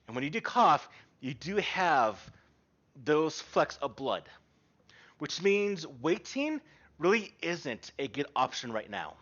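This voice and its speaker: Guy running a tabletop game, lively up and down voice, dull lo-fi sound. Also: on the high side, takes it slowly. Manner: animated, descriptive narration with frequent ums. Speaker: game master.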